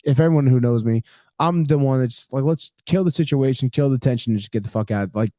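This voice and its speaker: A man's voice: medium pitch, quick pace, no echo, studio quality. A man in his thirties, a podcast co-host telling a long story in casual chat, acting out what people said and swearing freely. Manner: animated storyteller, acts out quotes, swears casually.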